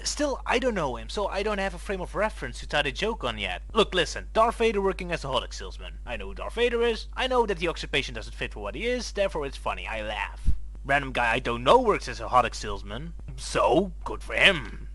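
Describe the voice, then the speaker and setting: A man's voice: mid-range voice, sing-song, fast talker, fairly bright tone. A man giving comedic video game review commentary in an exasperated, sarcastic way. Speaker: game critic.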